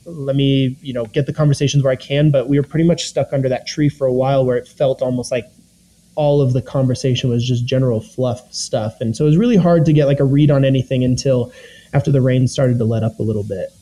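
A young man recalls his time on a competition show in a loose, rambling way, full of ums and quoted asides. His voice is deeply mellow and warm, with a middling pitch. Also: steady tone, fast talker, slight background noise, rough recording. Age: young adult. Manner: rambling, filler-heavy, quotes his own thoughts. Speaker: former reality competition contestant. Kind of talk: casual recounting in an interview.

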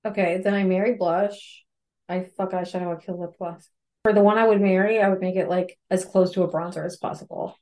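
A woman's voice: fairly low pitch, fairly even intonation, a little fast, dark tone. A woman co-hosting a podcast, talking in a loose, chatty way and leaning on "like" as she retells a story. Her tone is breezy and comedic. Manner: chatty, peppered with "like". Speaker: podcast co-host. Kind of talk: casual comedic book recap.

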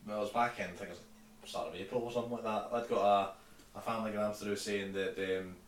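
A man's voice: on the low side, steady tone, quick pace, over a noisy crowd, low-quality recording. A young man in his twenties, a sailor on leave, guesting on a friend's podcast, talking in a laid-back, hesitant way with lots of fillers. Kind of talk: casual chat between friends.

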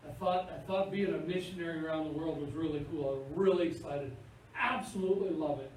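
A man preaching a sermon in an animated, playful way, acting out little scenes. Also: a little high, fast. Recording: echoey room, picked up from far off, faint hiss.

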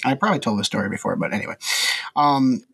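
Husky laughing man telling stories. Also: on the low side, expressive, fast talker, fairly bright tone. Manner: rambling storyteller, laughs often, self-mocking. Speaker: podcast host. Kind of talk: casual chat.

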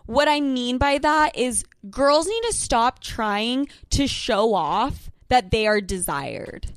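Young woman, high voice, dry close mic, casual podcast chat, frank and gossipy. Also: lively intonation, slow, no room sound. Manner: frank, gossipy, eye-rolling. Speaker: podcast co-host.

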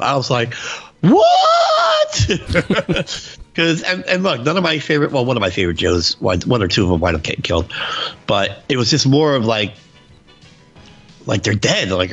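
Animated man, dull lo-fi sound. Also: lowish voice, slightly rough. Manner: animated, acts out quotes in a raised voice. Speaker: podcast co-host. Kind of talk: casual chat about comic books.

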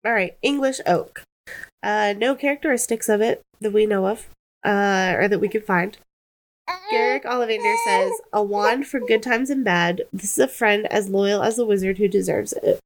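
A woman's voice: medium pitch, normal speed, poor audio. Tired woman in casual chat. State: tired, yawning. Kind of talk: casual chat reading aloud.

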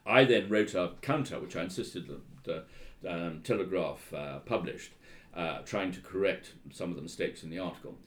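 A man's voice: low voice, normal speed. A man, a historian and author, telling anecdotes in an interview, hesitant with many fillers and restarts, and wryly amused. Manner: hesitant, full of ums and restarts, wry.

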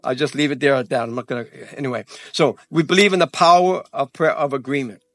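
A man pastor giving church announcements before his sermon, animated and excited, tripping over his words and laughing at himself. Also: medium pitch, quick pace. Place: church sanctuary.

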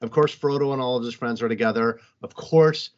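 A man's voice: medium pitch, brisk, dull audio. Joking man recapping a movie. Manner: animated, joking, recaps the plot. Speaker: podcast co-host. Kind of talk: casual movie review chat.

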